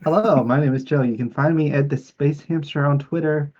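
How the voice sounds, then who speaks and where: A player with a mid-pitched voice introduces their game character in a joking, offhand way. The recording is dull and lo-fi. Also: brisk, a little mellow.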